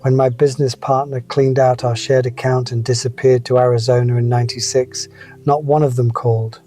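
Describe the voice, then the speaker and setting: A man's voice: medium pitch, little pitch movement, a little fast, mellow, faint music behind. A man in his seventies telling wry, reflective personal stories as a scripted motivational talk. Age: 70s. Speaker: motivational speaker.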